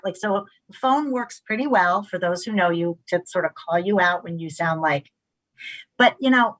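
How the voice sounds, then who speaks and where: A middle-aged woman on an expert panel, talking in an animated way with many restarts and acting out quoted speech. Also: medium pitch, rough recording. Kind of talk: panel discussion.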